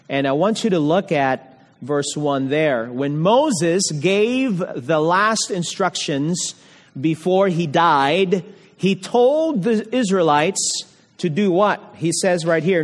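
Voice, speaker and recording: Male preacher, higher voice, slow and deliberate, reads scripture and quizzes the flock; long hall reverb. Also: animated. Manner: asks the congregation questions, repeats key words. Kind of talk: evening sermon with scripture reading.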